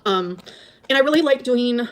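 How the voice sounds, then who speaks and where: A woman's voice: a little high, expressive, normal speed, clear, resonant tone. A young woman vlogger chatting casually and rambling about her day, with her speech full of "like" fillers. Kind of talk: casual chat vlog.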